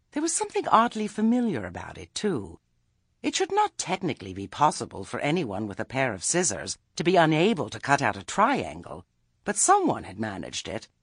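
A man narrating an audiobook in an expressive, wry storytelling manner. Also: mid-range voice, no room sound, studio quality. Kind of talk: scripted narration.

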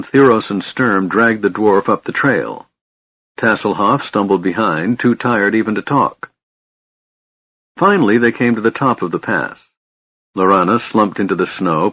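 A man narrating a fantasy audiobook in a steady, even reading voice. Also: on the low side, slightly rough, dry recording, dull audio.

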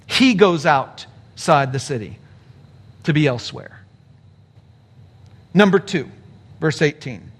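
Animated higher-voiced man preaching. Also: takes it slowly, long pauses, husky. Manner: conversational, explaining with rhetorical asides. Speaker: pastor. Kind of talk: sermon.

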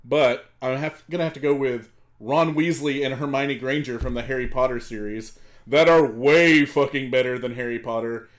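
A man's voice: medium pitch, fairly even intonation, moderate pace. A man in a casual chat among friends, teasing the others, swearing and laughing a lot. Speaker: podcast co-host.

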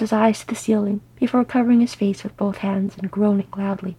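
A woman's voice: medium pitch, fairly quick, hardly any pauses, breathy edge, low-quality recording. A woman reading fan fiction aloud, narrating and voicing each character. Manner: animated, voices each character. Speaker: audiobook reader.

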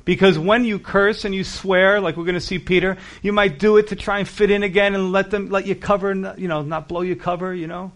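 Animated New preacher man. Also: high voice, brisk, few pauses. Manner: animated storytelling with acted-out voices and big swings in loudness. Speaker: pastor. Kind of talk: sermon.

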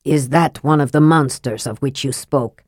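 A woman voicing a grave, wary elderly male dwarf king from a storybook, speaking slowly and troubled. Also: very deep voice, a little mellow, dry recording, clean studio sound, pitched below the performer's own voice.

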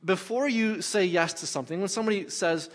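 A middle-aged man, a pastor, delivers a sermon in a fairly high voice, talking as if in conversation with the congregation. He drives his points home by repeating key phrases. His voice rings out with a long reverb, as in a large sanctuary. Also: a little fast.

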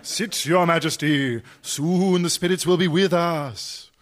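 A man's voice: on the high side, takes it slowly. A man playing a smug, scheming Victorian aristocrat who leads the plot in a comedy sketch. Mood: brisk.

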